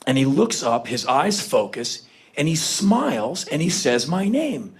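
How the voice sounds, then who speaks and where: A man in his fifties doing a comic spoken word monologue on stage, animated and given to sudden loud outbursts. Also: mid-range voice, moderate pace. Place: stage before an audience.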